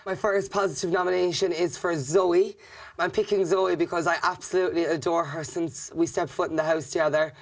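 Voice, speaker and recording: A young Irish man in a reality-show diary room, speaking gently and affectionately about friends in the house. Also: fairly high pitch, fairly even intonation, fairly quick, gravelly. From Ireland.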